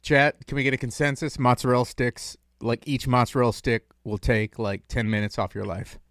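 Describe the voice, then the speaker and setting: A man's voice: medium pitch, steady tone, normal speed, a bit bright, no echo, clean studio sound. Rambling jokey male streamer. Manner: rambling, jokey, lots of filler. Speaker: streamer host taking calls. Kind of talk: casual chat.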